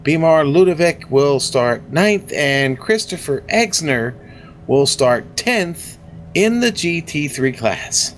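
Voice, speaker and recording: A man's voice: on the high side, expressive, takes it slowly, a little hiss or hum. A man co-commentating a sim race who also drives in it, talking in a casual, friendly way as he reads the grid. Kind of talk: sim racing broadcast commentary.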